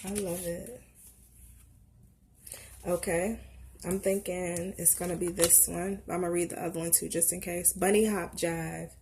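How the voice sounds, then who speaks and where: A woman's voice: lowish voice, little pitch movement, unhurried, pauses often, a little mellow, a little hiss or hum. A woman giving an encouraging tarot reading to her viewers, repeating phrases and affirmations. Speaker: tarot reader.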